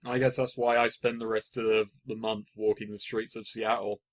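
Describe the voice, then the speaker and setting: A man's voice: fairly low pitch, flat delivery, normal speed. A man playing in a tabletop role-playing game, describing what his character does in a casual, thinking-aloud way. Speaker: player.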